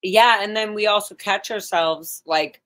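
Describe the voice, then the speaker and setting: A woman's voice: mid-range voice, unhurried, fairly bright tone. A woman co-hosting a casual livestream chat, speaking emphatically, swearing freely and repeating phrases for punch. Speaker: co-host.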